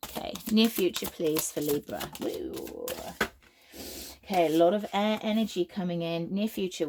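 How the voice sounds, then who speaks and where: A woman's voice: low-pitched, a little mellow, a little hiss or hum. A British woman reading tarot cards as a medium, talking in a rambling, free-flowing way with frequent restarts and tangents. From United Kingdom.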